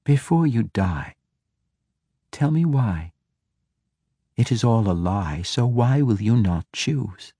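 A man reading a fantasy audiobook, voicing a cruel, mocking female dark elf who taunts her captive. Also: fairly low pitch, measured pace, hardly any pauses, breathy edge, no room sound, clean studio sound, pitched above the performer's own voice. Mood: coaxing. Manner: taunting, coaxing, menacing.

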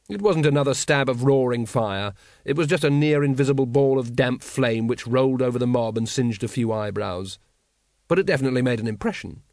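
A male narrator reading fiction in a measured, expressive way, at a middling pitch. The recording is close and dry, with no room sound behind him. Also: no room sound. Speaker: audiobook narrator. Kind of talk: scripted narration.

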